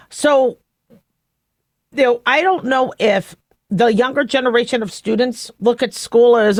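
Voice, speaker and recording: A woman in her fifties hosting a talk radio show, telling stories in a chatty, animated way. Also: sits high, normal speed, no echo. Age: 50s. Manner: chatty, animated storyteller, laughs often.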